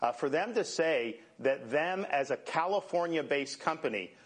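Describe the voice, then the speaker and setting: A man's voice: a little high, expressive, moderate pace. A man, a state governor, speaking firmly and combatively in an interview clip. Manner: firm, combative.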